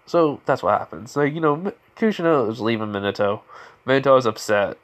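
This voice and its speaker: A man's voice: mid-range voice, lively intonation, a little fast. A man casually retelling a fan story in a loose, rambling way, full of fillers and restarts, briefly lifting his voice to quote characters.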